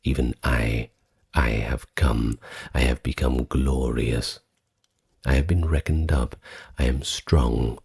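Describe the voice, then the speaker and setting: A man with an extremely deep, gravelly voice recites ancient scripture slowly and solemnly. His soft-spoken ASMR delivery is breathy and husky. Each archaic line is measured out with care. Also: steady tone. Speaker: ASMR narrator reading ancient texts.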